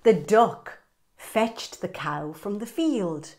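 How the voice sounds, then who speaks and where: A woman reads a picture book to young children at an unhurried pace. Her voice swoops up and down in an animated, sing-song way as she points out what is happening in the pictures. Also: medium pitch. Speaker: children's storyteller.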